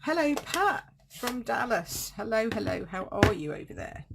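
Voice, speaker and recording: A woman's voice: mid-range voice, big pitch swings, normal speed, vocal fry, heavy background noise. Chatty woman demonstrating card making. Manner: chatty, thinks aloud and corrects herself. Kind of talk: live craft demonstration. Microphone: desk setup streaming live.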